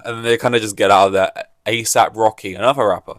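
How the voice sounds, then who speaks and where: Man, solo podcast host, low and dry, rambles and jokes. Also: steady tone, fast, fairly bright tone, dry recording. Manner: rambling, jokey, acts out quoted voices.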